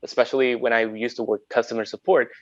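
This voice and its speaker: Man from Honduras, Spanish native speaker, podcast guest, playful, mid pitch, dry muffled audio. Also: flat delivery, quick pace, dry recording. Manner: playful, fond of putting on voices. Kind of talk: casual chat.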